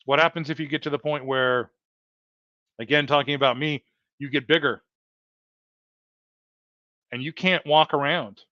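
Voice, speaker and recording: An earnest man hosts a heartfelt motivational livestream, circling back over his points and calling the audience folks. His voice sits a touch high. The sound is dull and lo-fi, with a dry, close feel. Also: fairly even intonation, moderate pace, pauses often, pushed and bright, no echo. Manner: earnest, repetitive, addresses viewers as folks. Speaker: livestream host.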